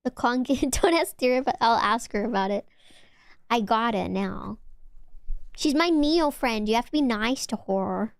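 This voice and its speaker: Young woman streamer, casual chat, giggly and teasing, higher voice, dry close sound. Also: lively intonation, a little slow, clear, resonant tone, no echo.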